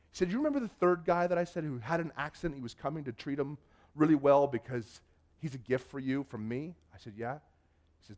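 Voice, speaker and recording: A male pastor preaching a sermon and telling personal stories, animated and swinging between loud bursts and hushed asides. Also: fairly high pitch.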